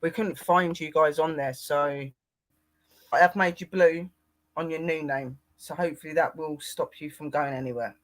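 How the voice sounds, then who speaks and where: A man's voice: a little high, fairly even intonation, moderate pace, a bit bright. A man co-hosting a casual paranormal livestream, rambling and greeting viewers by name.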